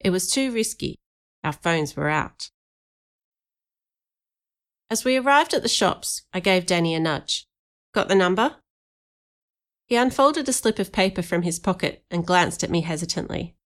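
A woman reads an audiobook aloud with lively storytelling. Her voice sits on the lower side for a woman, steady and clear in delivery. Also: normal speed. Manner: lively storytelling, animated for dialogue. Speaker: audiobook narrator. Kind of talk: audiobook narration.

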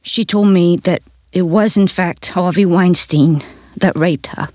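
An earnest courtroom witness tells her story in a lowish, steady voice. The sound is dry and close-miked, with no room around it. She halts and restates as she recalls. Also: no echo. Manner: earnest, halting recollection. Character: woman witness recalling a friend's distress. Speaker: trial witness in a courtroom reenactment. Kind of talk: scripted reading of court testimony.

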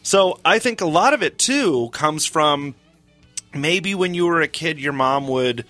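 A man's voice: on the high side, animated, measured pace, pushed and bright, faint music behind. A man with a Southern US accent co-hosting a podcast, explaining terms and reading out definitions. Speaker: podcast co-host. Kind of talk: casual chat.

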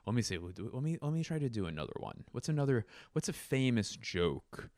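Male comedy podcast host, rambling monologue, animated pitch, dry studio sound. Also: moderate pace, hardly any pauses, dry recording. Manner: rambling, self-interrupting, swears casually.

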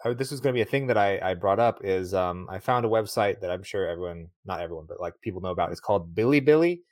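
A man's voice: sits low, expressive, fast talker, a little mellow, no room sound, studio quality. A man from Canada in his thirties co-hosting a movie podcast, telling stories in an enthusiastic, rambling way. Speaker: podcast co-host. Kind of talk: casual chat.

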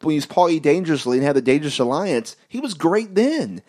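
A man co-hosting a casual podcast chat, telling stories with big swoops of pitch. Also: quick pace. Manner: animated storytelling with swoops of pitch. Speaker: podcast co-host.

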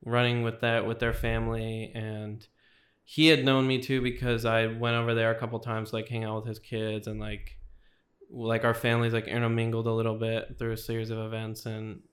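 Flat-voiced young man telling his story. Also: medium pitch, moderate pace. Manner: rambling, fills with 'like' constantly. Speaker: podcast guest. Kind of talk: casual testimony storytelling.

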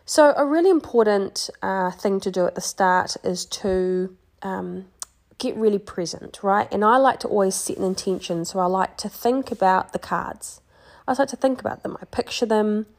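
A young woman gently teaching how to read oracle cards in a chatty, relaxed way with many fillers and restarts. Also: medium pitch, normal speed. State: pregnant, yawning. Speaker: card reading teacher. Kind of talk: casual instructional talk.

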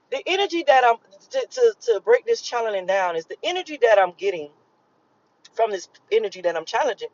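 A woman's voice: medium pitch, a little mellow, highs cut off. A woman talking casually and emphatically to camera, rambling and repeating herself and swearing freely as she explains a spiritual reading. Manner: rambling, emphatic and profane, with repetitions. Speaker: vlogger giving a spiritual channeling reading. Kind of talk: casual spoken monologue.

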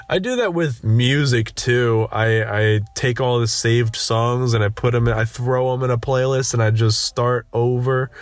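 A young man hosting a solo podcast, ranting in a sardonic, deadpan way full of profanity and restarts. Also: mid-range voice, no echo. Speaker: podcast host. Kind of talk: rambling solo podcast monologue.

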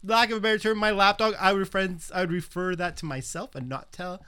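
A man's voice: high voice, steady tone, a little fast, bright, forceful tone, clear, resonant tone. A man co-hosting a casual podcast chat, rambling and backtracking as he explains. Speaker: podcast co-host.

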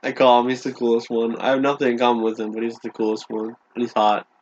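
A man's voice: medium pitch, completely flat delivery, fast talker, lo-fi sound. A young man from Canada co-hosting a comedy podcast, riffing playfully on absurd improvised bits. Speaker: podcast co-host. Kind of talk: casual comedic podcast chat.

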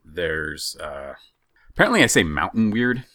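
A man's voice: low-pitched, big pitch swings, unhurried, pushed and bright, dry recording, studio quality. A man from the Utah and Idaho area with a slight Intermountain West accent, co-hosting a podcast in a playful, teasing way. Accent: Intermountain West American. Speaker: podcast co-host. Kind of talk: casual chat.

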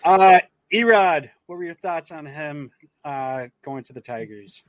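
A man's voice: a little high, unhurried, no room sound. A man hosting a podcast, asking short easygoing questions in casual chat. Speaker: podcast host.

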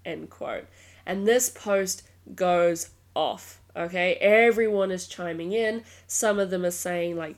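A woman's voice: fairly low pitch, slow. A woman hosting a true crime podcast, telling the story in a casual, blunt way, often swearing and laughing.

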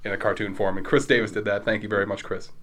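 A man co-hosting a casual podcast, animated and profane, laughing and joking with friends. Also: lowish voice, very fast. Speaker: podcast co-host.

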